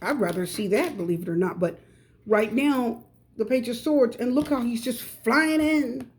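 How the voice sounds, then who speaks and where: A woman's voice: fairly high pitch, moderate pace. Chatty woman giving a tarot reading. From United States. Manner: chatty, emphatic, repeats advice directly to viewers. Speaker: tarot reader. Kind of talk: pick-a-card tarot reading.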